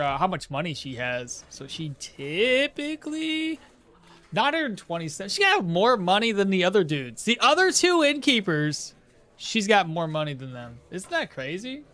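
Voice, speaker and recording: With a high-pitched, fairly bright voice, a man chats casually while live-streaming a game, rambling off into asides and chuckling frequently.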